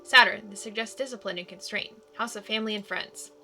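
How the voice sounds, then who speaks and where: A woman playing a game casually, reading its text aloud and making quick asides. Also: medium pitch, gravelly, sharp tone. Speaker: gaming YouTuber. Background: game music.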